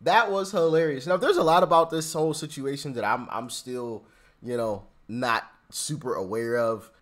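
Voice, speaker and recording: A man hosting a casual political commentary vlog, animated and repetitive, laughing and mocking as he talks. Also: medium pitch, normal speed. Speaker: channel host.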